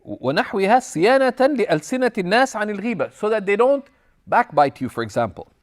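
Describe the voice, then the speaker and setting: A high-pitched man speaks in rapid-fire bursts, teaching a religious class that was recorded as a lecture. This Islamic teacher reads passages in Arabic, explains them in English and mixes in stories from his own life. He stays lively throughout, going back and forth between the Arabic and the English and acting out dialogue as he tells anecdotes.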